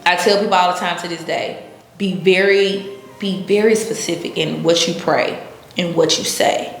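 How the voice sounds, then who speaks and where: A woman's voice: lowish voice, moderate pace, echoey room. A woman being interviewed, telling her story casually and acting out what people said, laughing often. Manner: animated, acts out quotes, laughs often. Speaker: interview guest.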